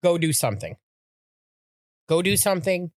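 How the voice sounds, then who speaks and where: A middle-aged woman, a podcast co-host, telling a personal story in a halting, heartfelt way with many restarts. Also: on the low side, sing-song, darkish tone, no echo, studio quality.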